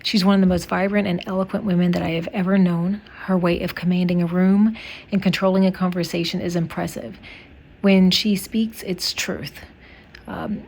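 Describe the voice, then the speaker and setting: A woman's voice: lowish voice, vocal fry. A woman giving a heartfelt memorial tribute to a friend and colleague, speaking admiringly.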